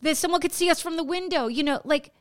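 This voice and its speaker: A woman's voice: sits high, fast. A woman who teaches school, talking earnestly as a podcast co-host in casual chat. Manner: earnest, repeats and restarts.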